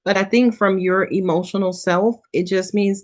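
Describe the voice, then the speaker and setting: A woman's voice: medium pitch, fairly even intonation, moderate pace, hardly any pauses. Slangy, tired tarot reader woman. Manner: casual, slangy and profane. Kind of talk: live-stream Q&A reading.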